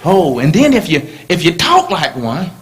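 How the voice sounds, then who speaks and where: High-voiced dramatic male preacher. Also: huge pitch swings, moderate pace. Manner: dramatic, swings from loud to hushed, first-person storytelling. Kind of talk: sermon.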